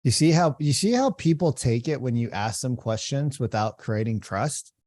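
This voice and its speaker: A man coaching real estate agents in a relaxed, conversational way, often repeating phrases. His tone is mellow and warm, and the recording is dry and close. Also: medium pitch, moderate pace, dry recording. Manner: conversational, repeats phrases, acts out call examples. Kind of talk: reaction commentary and coaching.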